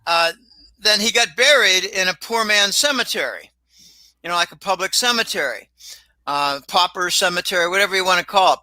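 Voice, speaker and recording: A man's voice: sits high, pushed and bright, dry recording, poor audio. An older man chatting casually on a livestream, rambling and repeating words as he tells stories. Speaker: regular guest commentator.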